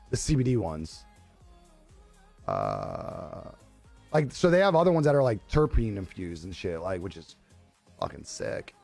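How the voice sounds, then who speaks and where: A young man chats with his stream, casual and full of swearing, his pitch jumping up and down as he reacts. The mic is close and dry. Faint music plays underneath. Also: creaky, a little mellow, no echo. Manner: laid-back, profane, laughs often. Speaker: live streamer. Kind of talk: casual chat reading viewer comments.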